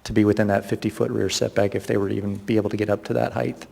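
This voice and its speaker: A man's voice: lowish voice, little pitch movement, very fast, creaky, a little mellow, breathy edge, long reverb tail. A man on municipal staff explaining a site plan at a public meeting, hedging with fillers.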